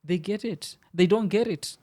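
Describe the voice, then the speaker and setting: A man's voice: high-pitched, moderate pace, darkish tone. A young man from Kenya hosting a podcast, who challenges his guest in a conversational way and often says "you know". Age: young adult. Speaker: podcast host. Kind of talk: casual debate. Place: podcast studio.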